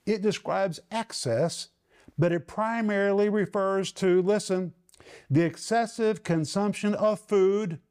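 A man's voice: high voice, measured pace, a little mellow, clear, resonant tone. A man giving a televised Bible teaching in an earnest, emphatic way, often asking rhetorical questions.

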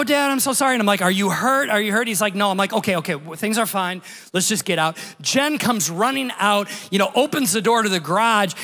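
Bright-voiced pastor preaching in a reverberant hall. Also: male voice, high voice. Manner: animated storytelling, acting out the scene. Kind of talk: conversational sermon with personal story. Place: large church hall.

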